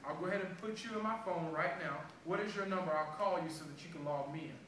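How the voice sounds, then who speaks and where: Sales trainer, man, high voice, lively storyteller, recorded at a distance in a very echoey room. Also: quick pace. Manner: animated storytelling, acting out dialogue. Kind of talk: motivational sales training talk. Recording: echoey room, far from mic, background noise.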